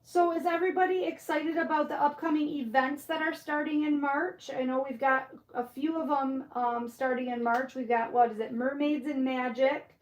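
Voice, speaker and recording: A middle-aged woman from Michigan, with a Michigan accent, chats casually with viewers on a craft livestream, reading chat, answering comments and musing aloud. Her high voice has fairly even intonation and a moderate pace with few pauses, in a reverberant space.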